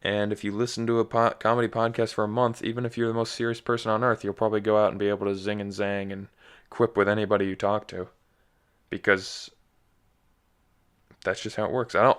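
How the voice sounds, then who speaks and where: Low-voiced rambling young man. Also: flat delivery, a little fast, a bit bright, clear, resonant tone. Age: young adult. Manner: rambling, self-deprecating, many restarts. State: slightly scratchy voice. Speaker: podcast host. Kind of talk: casual solo monologue.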